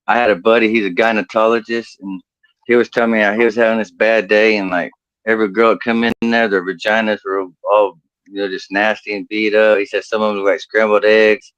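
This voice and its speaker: A man's voice: lowish voice, flat delivery, a little fast, fairly bright tone, clear, resonant tone, dry recording, dull audio. A man doing a crude stand-up comedy set over a video call, laughing at his own jokes.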